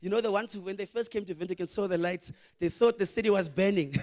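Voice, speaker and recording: A young Namibian man performs a stand-up comedy routine on stage. His voice sits very high for a man. He is animated, acts out characters and shouts his punchlines. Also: fast talker. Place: comedy venue with live audience.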